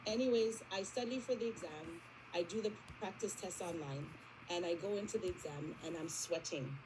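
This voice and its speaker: A woman in her forties shares her personal testimony with a church congregation during a service, acting out the conversations in her story. Her voice is fairly low and moderately paced, and the background is noisy.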